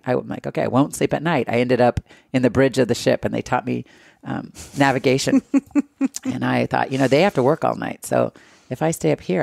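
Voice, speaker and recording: A woman's voice: rumbling low, gravelly, no echo, studio quality. A middle-aged woman from the United States, telling a travel story as an interview guest and acting out the quoted lines. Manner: lively anecdotal storyteller who acts out quoted dialogue.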